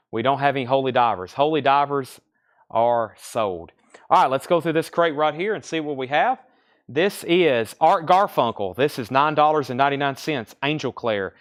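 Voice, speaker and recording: A man with a Southern US accent hosting a live record sale from a store, reeling off album titles and prices with chatty asides. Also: medium pitch. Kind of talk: live-stream sales patter.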